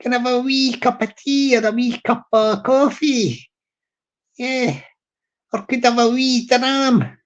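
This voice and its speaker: A man's voice: very high voice, a little slow, dull audio. A man putting on a jolly Irish drinker. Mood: jovial.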